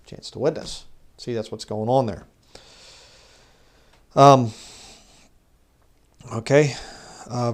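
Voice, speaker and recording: A man giving an informal bible teaching, talking conversationally and growing louder when he reads scripture. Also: mid-range voice, steady tone, slow, pauses often. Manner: conversational, rises loud when reading scripture; mocks legalists in put-on voices. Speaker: preacher.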